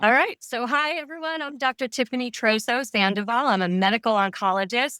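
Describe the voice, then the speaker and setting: A middle-aged woman with a Long Island accent speaks as a podcast guest, explaining medical matters in an articulate, patient way. Her voice is bright and forward. The sound is close and dry, with no room around it. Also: mid-range voice, no room sound. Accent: Long Island New York. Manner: articulate, explanatory, laughs easily. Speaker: retired medical oncologist, guest. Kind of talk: podcast interview.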